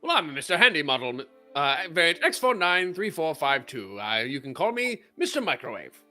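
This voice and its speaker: A man voicing a polite, weary male household robot who answers haltingly. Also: fairly high pitch, big pitch swings, pushed and bright, faint music behind, full character voice. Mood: formal. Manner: polite, halting, tired of questions.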